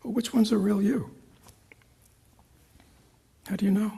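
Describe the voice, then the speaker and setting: A meditation teacher gives a dharma talk to a live retreat group in a meditation hall, his high voice gravelly, husky, and rough-edged, with a dark, mellow tone. He's unhurried and fairly even in intonation. He constantly questions the audience with repeated "right?" and "you know," slipping into soft whispers at times.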